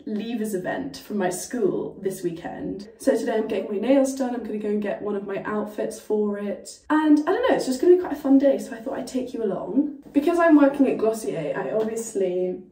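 A woman's voice: mid-range voice, expressive, brisk, few pauses, warm tone. A young woman, chatting casually and upbeat to camera in a vlog, with "like" in many sentences. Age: young adult. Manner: chatty and upbeat, says "like" often. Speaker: vlogger. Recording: background music under the voice.

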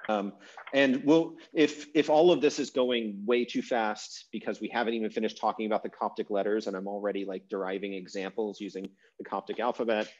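Low-voiced man teaching over a call. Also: a little fast. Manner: relaxed, rambling with fillers and restarts. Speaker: online course teacher. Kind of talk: casual lecture over video call. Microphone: video call. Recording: dull lo-fi video call audio.

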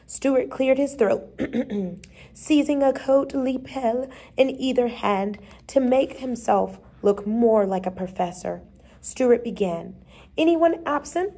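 A woman reading a children's chapter book aloud, giving the characters short lively voices, with the odd slip and restart. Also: fairly high pitch, slow. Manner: lively, brief changes of voice for the characters, occasional slips and restarts. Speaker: reader. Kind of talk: storybook read-aloud.

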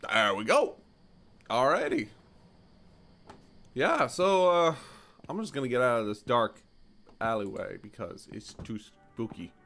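Lively young man narrating gameplay. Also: measured pace, long pauses, faint music behind. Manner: animated, jumps to high exclamations, mock-polite shopkeeper lines. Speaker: gaming YouTuber. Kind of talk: casual gameplay commentary.

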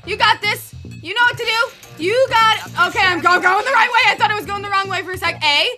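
Excitable high-voiced woman gaming host. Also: fairly quick. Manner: excitable, talks to herself, often yells. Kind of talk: let's play commentary. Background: game music.

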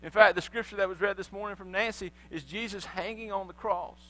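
High, bright-voiced man preaching a sermon. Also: fairly quick, rough recording. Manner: animated storytelling, acting out voices of biblical figures. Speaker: pastor. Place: church sanctuary.

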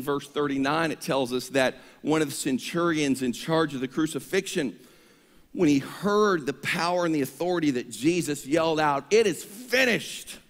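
A male pastor preaching an energetic sermon, leading the congregation in call-and-response. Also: a little high. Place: church sanctuary. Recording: long reverb of a church hall.

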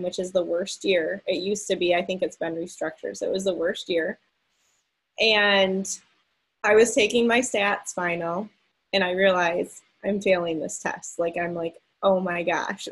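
A breathy, slightly husky woman in her thirties hosts a casual chat. She tells her stories in an animated way, full of likes, and acts out what people said. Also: medium pitch, poor audio. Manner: animated storyteller, many likes, acts out quotes. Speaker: host.

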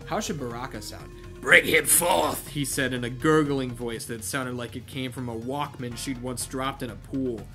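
Over faint background music, a man with a medium-pitched, steady voice reads at normal speed with few pauses. He's a channel host doing a comedic read-through of a novel aloud, interrupting the text with wry asides.

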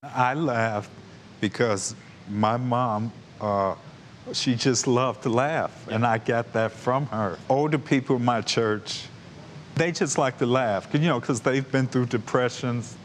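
Male interviewee, very slow, reflective, faint rumble behind. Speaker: comedian.

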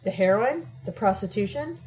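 A woman's voice: medium pitch, animated, normal speed, a little mellow, close to an everyday voice, rough recording. A woman voicing a blunt, confrontational working-class man in an audiobook reading. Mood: challenging. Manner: blunt, challenging, ungrammatical street talk.

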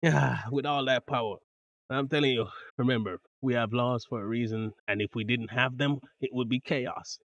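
A man hosts a reaction video, talking casually, laughing and stumbling over his words. His pitch is ordinary and middle. The sound is dry and close. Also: steady tone, moderate pace, fairly bright tone, no echo, muffled recording. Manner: laughing, stammering.

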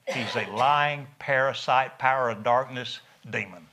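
A middle-aged man, preaching a sermon in a folksy, animated storytelling way. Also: medium pitch, unhurried, few pauses. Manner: folksy, animated storytelling with laughs and rising emphasis.

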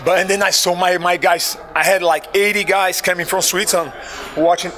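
A man with a Brazilian accent speaks earnestly after a fight, his voice bright and forceful and pitched a little high. He often stops and restarts his phrases. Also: fairly even intonation, normal speed. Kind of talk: post-fight interview.

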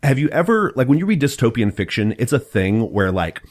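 A man hosting a casual podcast chat, gushing with excitable, profane enthusiasm. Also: mid-range voice, a little fast. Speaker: podcast host.

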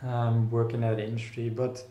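A man's voice: medium pitch, completely flat delivery, dark tone, slight background noise. Man musing in an echoey room. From Netherlands. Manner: thoughtful, halting, many restarts and fillers. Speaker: artist guest. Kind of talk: casual interview conversation.

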